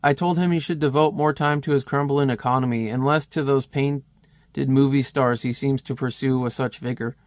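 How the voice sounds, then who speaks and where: A man's voice: medium pitch, steady tone, normal speed, no room sound, lightly acted. A man reading the lines of a proud, disdainful warrior princess from a comic.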